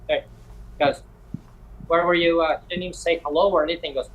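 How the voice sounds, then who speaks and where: A man's voice: a little high, steady tone, quick pace, long pauses, fairly bright tone, rough recording. A man rambling through a travel story in casual chat, acting out the people he met. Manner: rambling storyteller, acts out dialogue.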